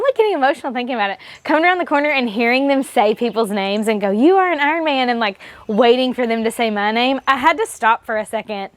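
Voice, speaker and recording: A woman's voice: on the high side, no room sound. A young woman vlogger recounting her race day in a chatty, enthusiastic way that turns emotional. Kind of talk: casual race recap.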